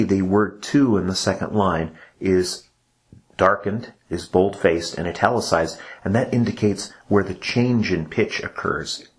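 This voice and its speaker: A man explaining, step by step, how cantors lead a church service, in a patient instructional podcast. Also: sits low. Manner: patient explaining, breaks into chanted examples.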